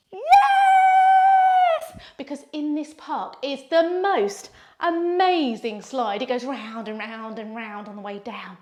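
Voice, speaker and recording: Lively, high-voiced woman leading kids' yoga. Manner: playful, storytelling with sound effects. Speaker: children's yoga instructor. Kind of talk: guided kids' yoga story.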